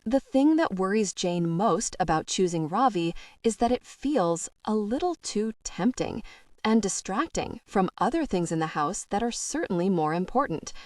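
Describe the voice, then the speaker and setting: A woman narrating a young adult audiobook in a measured and expressive way. Her mid-pitched voice is dry, with no room sound. She sits a little back from the microphone. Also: dry recording. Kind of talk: scripted narration. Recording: dry, slightly distant mic.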